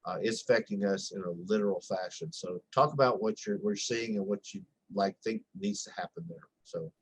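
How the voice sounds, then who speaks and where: Man, low pitch, interviewer, halting, many restarts, local news. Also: breathy edge, low-quality recording.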